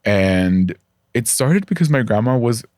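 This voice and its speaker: A man as a podcast guest, telling personal stories in a candid, profane, animated way and acting out the voices he quotes. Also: medium pitch, unhurried, no echo, clean studio sound. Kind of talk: casual conversational storytelling.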